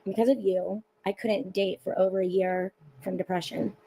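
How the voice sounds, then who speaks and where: Woman, bitter, blunt, swearing, emotional address to an ex, mid pitch. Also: steady tone, normal speed, mellow, a little hiss or hum, poor audio.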